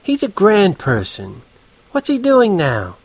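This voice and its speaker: A man's voice: a little high, very animated, moderate pace, no room sound, voice pushed up. A man voicing a brash, irritable young woman on the phone who turns falsely gracious in an audiobook. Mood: warming up. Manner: snappish, turning falsely gracious. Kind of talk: audiobook character voice.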